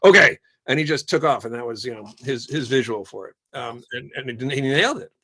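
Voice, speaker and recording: A man's voice: mid-range voice, a little fast, husky. A man, a musician guest on a podcast, telling stories in casual conversation and acting out the voices of people he quotes. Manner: animated storyteller, acts out quoted voices.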